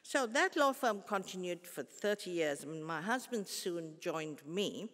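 A woman, giving a formal public lecture in a measured, earnest way with pauses and restarts. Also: fairly low pitch, animated, fairly bright tone. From South Africa. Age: 70s. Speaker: guest lecturer. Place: large concert hall. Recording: long hall reverb.

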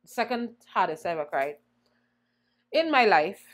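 A young woman singer, a guest in an interview, telling her story in an animated way and acting out the voices she quotes. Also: medium pitch, a little slow. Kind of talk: conversational storytelling.

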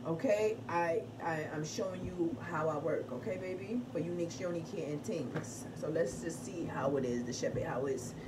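A woman, pitching her homemade hair product in a casual vlog. She is emphatic, swears freely and keeps asking "okay?". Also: moderate pace, hardly any pauses. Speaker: product seller. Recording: distant phone mic with room noise.

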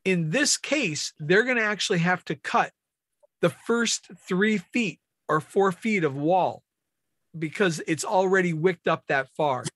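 Man, high voice, slow delivery, team training talk, questions to the room. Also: a bit bright, no room sound, clean studio sound. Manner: explains step by step, asks questions of the room.

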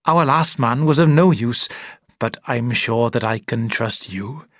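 A man voicing a brisk, falsely cheerful middle-aged woman, the doctor's sister, in a storybook reading. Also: mid-range voice, fairly bright tone, dry recording, studio quality, natural voice. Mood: bossy cheerful.

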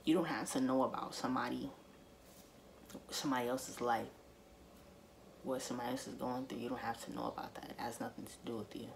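Low-voiced woman ranting to camera. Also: fairly even intonation, a little fast, creaky, pauses often, slight background noise. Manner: emphatic, repeats her points, speaks straight to viewers. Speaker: vlogger. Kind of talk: casual to-camera monologue.

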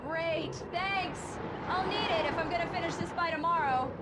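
An actress playing an affectionate young wife in a video game. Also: female voice, very high voice, moderate pace, very noisy. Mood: fond.

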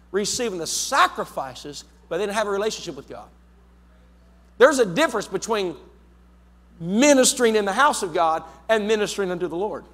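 A man preaching a sermon as pastor, emphatic, repeating his words and swinging between loud and soft. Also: sits high. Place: church sanctuary. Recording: long hall reverb in a church.

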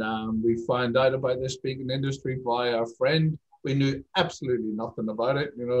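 A man's voice: medium pitch, poor audio. Middle-aged Irish man, chatty interview guest, self-deprecating storyteller. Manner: chatty, laughs between anecdotes, self-deprecating. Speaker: guest, speaker agency owner.

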